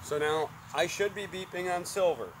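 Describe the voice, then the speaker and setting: Outdoors in a yard, a man with a highish voice and moderate pace reviews a metal detector. He plainly calls out each tone while testing coins and metals in this casual demo, with outdoor noise behind him.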